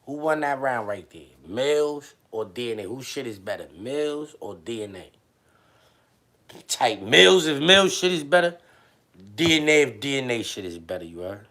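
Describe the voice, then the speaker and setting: A man hosting a livestream, chatting casually with viewers in loose, animated slang. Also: medium pitch. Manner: slangy and animated, often addresses chat. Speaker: livestream host.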